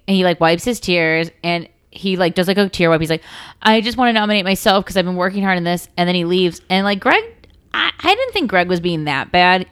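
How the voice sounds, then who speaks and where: A woman's voice: on the low side, fairly bright tone, clear, resonant tone, dry recording, clean studio sound. A woman co-hosting a casual recap podcast, chatting and acting out quotes. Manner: chatty, acts out quotes with voices. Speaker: podcast co-host.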